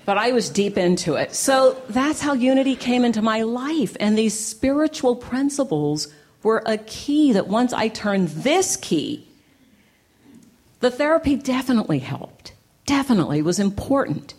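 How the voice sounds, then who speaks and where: A woman giving a lively talk to a church gathering, telling stories with playful, punchy repetition and plenty of animation. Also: a little high, measured pace. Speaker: inspirational speaker. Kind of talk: storytelling talk to a live audience.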